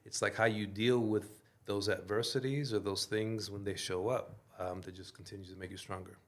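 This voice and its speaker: This is a man in his forties from Chicago, chatting as a podcast guest with a fairly low voice. He talks in a relaxed, reflective way, peppering his thoughts with "you know". His manner stays easygoing and conversational. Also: moderate pace. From Chicago, USA. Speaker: podcast guest, actor and theater director. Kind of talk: casual interview chat.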